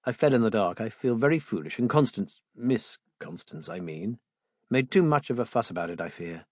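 A man voicing an eager, boyish young male amateur botanist who talks in a bright, quick and fussy way. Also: fairly low pitch, animated, husky, no echo, clean studio sound. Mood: earnest.

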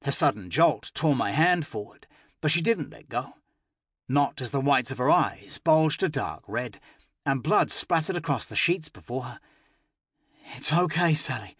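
A man narrating a first-person fantasy audiobook with expressive, emotional delivery. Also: medium pitch, normal speed, husky, dry recording, clean studio sound.

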